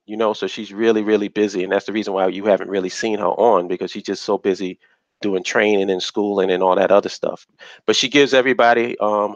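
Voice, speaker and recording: A man's voice: mid-range voice, no echo, dull audio. A man hosting a casual live stream, talking bluntly and rambling, with profanity, on a budget USB mic.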